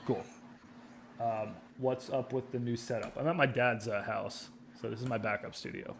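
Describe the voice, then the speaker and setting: A man's voice: medium pitch, steady tone, moderate pace, vocal fry, slight background noise. Chatty man coaching on a livestream. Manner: chatty and loose, with slang and restarts. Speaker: host of a real estate training livestream. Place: backup home studio at his father's house.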